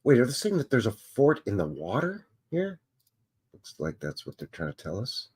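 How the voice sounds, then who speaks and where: Animated, chatty male stream host. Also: mid-range voice, moderate pace, breathy edge. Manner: musing, chatty, thinking aloud. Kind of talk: casual live commentary on old photographs.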